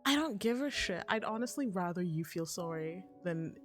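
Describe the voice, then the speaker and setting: Young woman streamer, casual commentary, cursing rants, lower-pitched voice. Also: lively intonation, moderate pace, faint music behind. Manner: swearing, exasperated rants.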